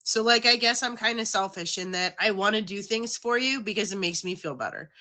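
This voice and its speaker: A woman hosts a casual livestream, addressing her viewers directly in a rambling, chatty, self-conscious way. Her medium-pitched voice is animated, fairly quick, bright and forceful.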